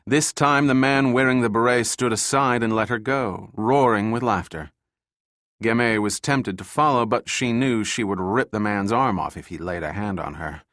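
A man's voice: lowish voice, no echo. Male audiobook narrator, dry close sound. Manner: steady, measured reading.

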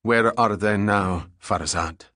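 A man voicing a cold, ruthless male crime boss in an audiobook, speaking slowly with icy menace. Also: fairly low pitch, sharp tone, no room sound, studio quality. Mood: icy, menacing. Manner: slow, deliberate, icy menace. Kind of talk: audiobook character voice.

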